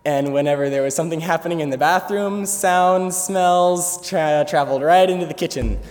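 Young male student storyteller, slightly high voice, halting and filler-heavy, long hall reverb. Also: a little mellow. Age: young adult. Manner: hesitant, many fillers, laughs through the story. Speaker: student speaker. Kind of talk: storytelling speech to an audience. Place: large hall before an audience. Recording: echoey hall, faint ambience.

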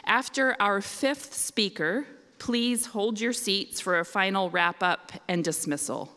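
A woman emceeing a storytelling event, calm and measured, in an auditorium. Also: mid-range voice. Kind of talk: formal event introduction. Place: large auditorium. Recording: long hall reverb.

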